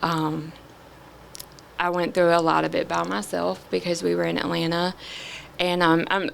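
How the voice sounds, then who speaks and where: A middle-aged woman, a podcast guest, sharing a candid personal testimony in an earnest, halting way with many pauses. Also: lowish voice, flat delivery, gravelly, slight background noise.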